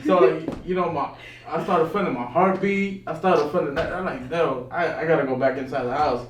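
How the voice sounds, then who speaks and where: A man telling a story in casual chat with friends, in a relaxed, slangy way. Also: a little high, fairly quick. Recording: echoey room, mic at a distance, faint noise.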